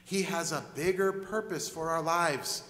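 High-voiced, bright male preacher. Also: unhurried. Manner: conversational, acts out scenes. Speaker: pastor. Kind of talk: sermon. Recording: echoey hall with long reverb.

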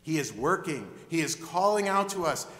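Acting out the story while he preaches, a male pastor delivers his sermon in a conversational way at a moderate pace. His high, bright voice swings widely in pitch and echoes with a long reverb through a large hall.

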